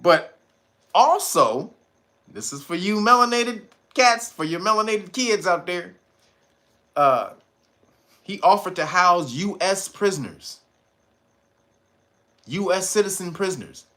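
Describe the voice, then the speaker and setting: A man's voice: sits high, expressive, takes it slowly, long pauses, bright, forceful tone. A man hosting a casual livestream, talking in profane street slang, laughing often and answering his viewers' chat. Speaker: livestream host.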